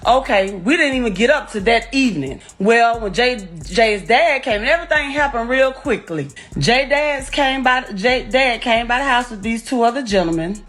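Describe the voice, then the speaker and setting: A woman's voice: a little high, lively intonation, normal speed, few pauses, a bit bright, soft background music. A middle-aged woman giving a raw, profane first-person account as a grieving mother, rising to anguished outbursts. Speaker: grieving mother telling her story.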